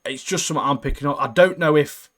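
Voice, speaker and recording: A man chatting casually about an anime as podcast co-host, slangy and animated, trailing off quietly at the ends of lines. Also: on the high side, quick pace. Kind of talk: casual anime recap chat.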